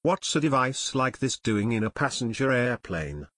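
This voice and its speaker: A man's voice: mid-range voice, sing-song, normal speed, fairly bright tone. A man voicing an inquisitive young male detective in an audiobook. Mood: curious.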